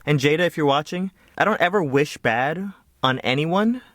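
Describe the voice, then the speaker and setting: A man telling a comedic story to camera in an exaggerated way, his pitch jumping around a lot. The sound is close and dry, with little room around it. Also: normal speed, dry recording. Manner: animated and exaggerated. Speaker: YouTuber.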